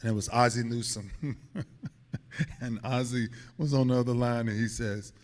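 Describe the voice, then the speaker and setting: A man in his forties, a guest speaker telling lively stories, acting out the quotes with big jumps in pitch. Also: moderate pace. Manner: animated, acts out quotes with big pitch swings and laughs. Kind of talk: lively storytelling. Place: hotel banquet hall.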